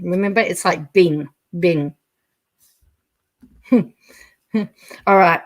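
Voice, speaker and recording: A woman's voice: on the low side, slow pace, long pauses. A middle-aged Australian woman hosting a casual livestream, reading viewer comments aloud, chatting and laughing often.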